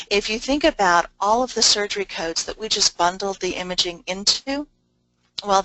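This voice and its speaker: Woman coding instructor, chatty webinar talk with lots of um and you know, crisp bright tone. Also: medium pitch, no room sound, poor audio. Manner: brisk, explanatory, with many fillers and asides. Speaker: medical coding educator. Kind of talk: webinar lecture.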